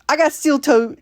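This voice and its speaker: Casual vlogger woman, from Ohio, recounting a story with lively quoted voices, slightly high pitch. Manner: animated, quotes people in her stories.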